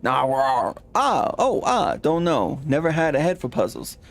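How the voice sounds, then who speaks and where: This is a folksy cowboy sidekick, put on by a man in a loud, high drawl. He hollers his old-West slang with excitable bounce, lively in pitch. It sounds like a comic game voice. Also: normal speed. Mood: hollering.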